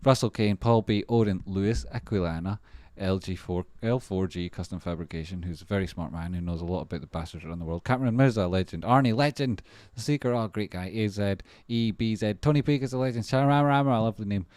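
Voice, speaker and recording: A low-voiced man hosts a casual livestream, swearing freely and rambling as he jumps from one thing to the next. The sound is close and dry, with no room echo. His talk is loose and excitable. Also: fast talker, hardly any pauses. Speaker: livestream host.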